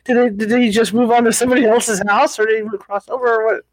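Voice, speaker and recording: A man co-hosting a casual conversation, asking clarifying questions in a soft-spoken way. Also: very high-pitched, steady tone, rapid-fire, rough recording.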